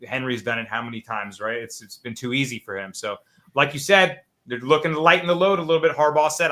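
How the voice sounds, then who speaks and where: A man's voice: medium pitch, fairly even intonation, fast talker, bright, forceful tone. A man on a sports betting panel, giving his picks in an upbeat, hype-driven way. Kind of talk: sports betting live stream chat.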